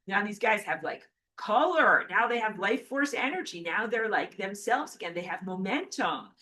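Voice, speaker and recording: A woman with a bright, forward voice teaches at a whiteboard in a loose, conversational way. She sketches as she talks, jokes, thinks aloud and corrects herself mid-sentence. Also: medium pitch. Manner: chatty and playful, thinks aloud, self-corrects. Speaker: spiritual teacher. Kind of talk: casual whiteboard lecture while drawing.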